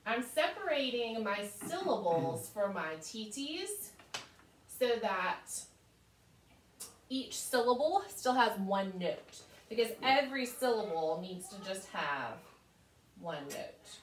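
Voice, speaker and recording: Lively woman teacher chanting ta ti ti for kids, echoey room, mic kinda far. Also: fairly high pitch, takes it slowly, slight background noise. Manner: cheerful, chanting rhythm syllables. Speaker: elementary music teacher. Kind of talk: online music lesson for children.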